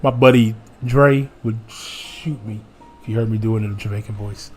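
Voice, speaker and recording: A man's voice: on the low side, fairly even intonation, normal speed, a little hiss or hum. A man streaming a video game who reads the cutscene dialogue aloud in a theatrical way and jokes with his chat between lines. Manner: theatrical reading, playful asides to chat. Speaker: gaming streamer.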